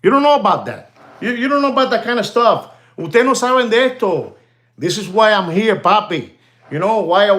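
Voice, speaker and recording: Older male watch dealer doing a livestream rant, high-pitched, swooping all over, repeats himself, sprinkles in Spanish slang. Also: moderate pace. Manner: animated, rambling, repeats himself, addresses audience as ladies and gentlemen. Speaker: watch dealer hosting his channel.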